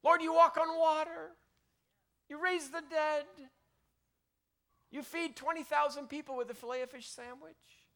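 Man putting on a brash admiring disciple, high voice, excited and slangy. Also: a little slow, long pauses, heavily acted. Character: eager adult male disciple, brash and admiring.

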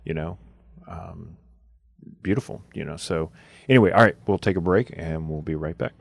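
A man's voice: low voice, normal speed, gravelly, husky, no echo, studio quality. A man hosting a casual Catholic radio talk show, rambling with lots of fillers and asking "right?". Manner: loose, filler-heavy, keeps asking "right?". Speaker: host.

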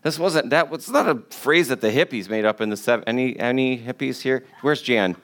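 A man's voice: mid-range voice, normal speed, a bit bright. A man preaching a sermon to a congregation. He talks in a conversational way, jokes with the listeners and repeats words for emphasis. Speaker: pastor.

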